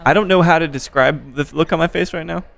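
A man's voice: a little high, fast talker, creaky, a bit bright. A man from the American Midwest hosting a casual chat, talking in a conversational, wry way. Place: bar by a window.

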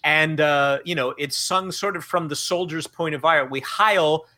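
A man's voice: fairly high pitch, measured pace. A man co-hosting a podcast, telling stories in casual chat with many fillers. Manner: animated storytelling, many fillers. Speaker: podcast co-host.

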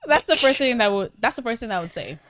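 Animated woman chatting about a book. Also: on the high side, fast. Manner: animated, blunt and joking. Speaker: book club podcast co-host. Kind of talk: casual chat about a novel.

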